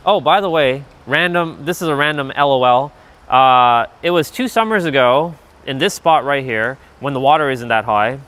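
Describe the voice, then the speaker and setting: Livestreaming while walking an outdoor trail, a man tells rambling stories in a loose, chatty, profane style and laughs frequently. His voice sits fairly high and has a fairly bright tone.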